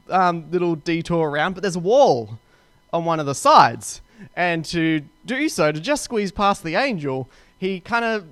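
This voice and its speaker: A young man, a pastor, retelling a Bible story in a casual, chatty way and slipping into quick voices for the characters. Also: on the high side, a bit bright, no echo.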